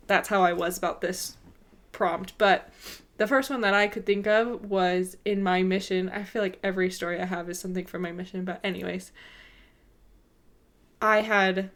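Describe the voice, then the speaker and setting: A woman in her twenties from Arizona, co-hosting a podcast and telling a story in a lively way, laughing often. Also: medium pitch, moderate pace. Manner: animated, laughs a lot while telling stories. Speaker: podcast co-host. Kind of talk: casual chat, storytelling.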